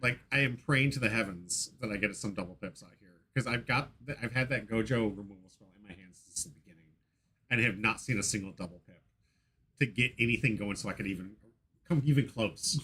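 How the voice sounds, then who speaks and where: A man giving casual, excitable commentary on his own card game match, laughing and playing up mock outrage. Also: fairly low pitch, a little fast, a little hiss or hum.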